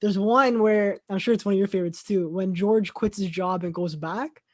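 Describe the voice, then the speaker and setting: A man hosting a podcast, chatting casually and excitably, saying dude and bro. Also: high voice, moderate pace, no echo, clean studio sound. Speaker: podcast host. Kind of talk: casual chat.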